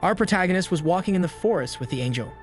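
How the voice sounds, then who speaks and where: Brief: male narrator, plain scripted storytelling, slightly high voice, soft music underneath. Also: lively intonation, racing. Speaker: recap narrator.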